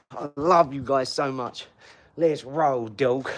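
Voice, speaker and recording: A man's voice: medium pitch, slow, slight background noise. A man hosting a casual live stream from his garage, talking in a hyped, slangy way and calling his viewers "dog" and "mate". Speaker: livestream host. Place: home garage.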